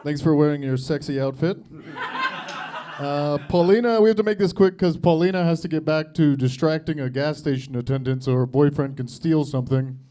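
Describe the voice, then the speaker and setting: A man trading insult jokes in a roast battle, deadpan with wry asides. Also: on the high side, brisk. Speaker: roast comedian.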